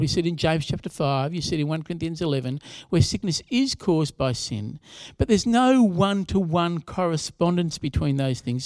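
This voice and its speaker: A man's voice: a little high, darkish tone, no echo. A younger man preaching a sermon in a conversational way, with asides to the congregation. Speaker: pastor.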